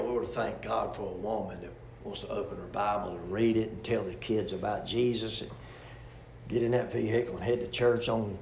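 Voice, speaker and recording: Gravelly preacher, folksy and rhetorical. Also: male voice, lowish voice, echoey room, slight background noise. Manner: folksy, rhetorical, storytelling with humor. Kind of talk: sermon.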